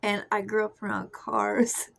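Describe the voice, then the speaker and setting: A young woman giving a soft, confessional personal testimony that often drifts into a whisper. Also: mid-range voice, level tone, unhurried, creaky, poor audio. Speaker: Christian testimony speaker.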